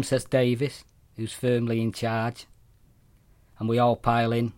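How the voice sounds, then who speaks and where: A man with a Mancunian accent reading a short story aloud, blunt, profane and wry in a deadpan way. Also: mid-range voice, unhurried, dry recording, studio quality. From Manchester, England.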